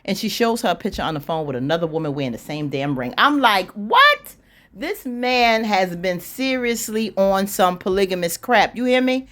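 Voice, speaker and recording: A woman giving a casual recap of a TV episode, telling it in a sassy, slangy, animated way and laughing often. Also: medium pitch, moderate pace, hardly any pauses. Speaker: YouTube TV recap host.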